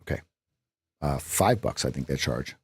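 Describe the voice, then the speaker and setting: A man hosting a live trading stream, talking in an animated voice that swings freely up and down. He works through sums out loud and cracks jokes that he laughs at himself. The sound is close and dry, with no room around it. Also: very deep voice, moderate pace, breathy edge, dry recording. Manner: chatty, jokes at his own lines and laughs at them; thinks aloud while working out numbers. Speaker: trading coach and stream host.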